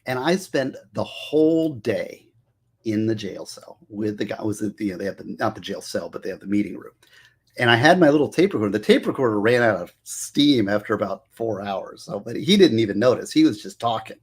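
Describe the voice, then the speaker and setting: Husky, animated storytelling man. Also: fairly low pitch, fairly quick. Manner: animated, acts out quotes with shifting voices. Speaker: public defender reflecting on his career. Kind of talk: casual storytelling monologue.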